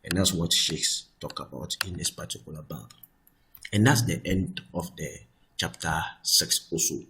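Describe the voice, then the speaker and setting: A man teaching a grammar lesson, patiently explaining rules and often checking that things are clear. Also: deep voice. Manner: patient, repeats "I hope that is clear", restarts phrases; reads example phrases slowly and louder.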